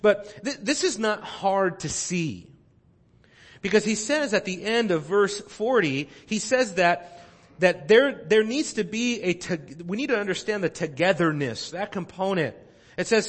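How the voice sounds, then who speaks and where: A man preaching a sermon in a church, his voice sitting a little high for a man. He teaches earnestly, restarting phrases and filling pauses as he works through a text. The sound rings with the long reverb of a large hall. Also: animated. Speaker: pastor. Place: church sanctuary.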